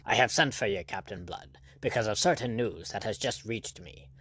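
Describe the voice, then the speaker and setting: A man's voice: lowish voice, moderate pace, a bit bright, husky. A man voicing a scowling, ill-humored male planter who speaks in stiff, self-important tones. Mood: curt.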